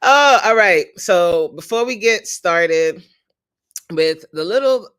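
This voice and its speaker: A fitness coach hosting a casual livestream, animated and openly emotional, laughing often and greeting viewers in the chat by name. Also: medium pitch, takes it slowly, clean tone.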